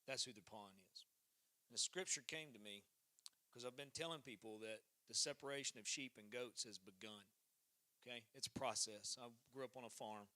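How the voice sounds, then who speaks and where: At a live church gathering in a converted barn, a man gives an impassioned closing address, fervent and preacherly, swinging from loud declarations to hushed, emotional passages. He is emotional, his voice thick, medium-pitched and fairly quick.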